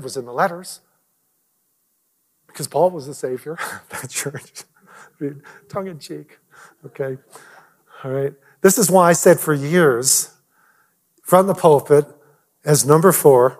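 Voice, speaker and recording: A middle-aged man, a pastor, telling a personal story in a lively way, at times dropping almost to a whisper. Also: fairly high pitch, normal speed, long pauses. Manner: animated, drops to near whispers.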